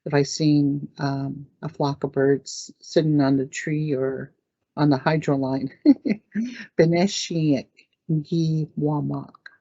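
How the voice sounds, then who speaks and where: Slow low-voiced woman teaching words. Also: warm tone, no echo. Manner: repeats each word slowly, clears throat often. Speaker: language teacher. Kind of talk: slow word-by-word language lesson. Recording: dull lo-fi dry recording.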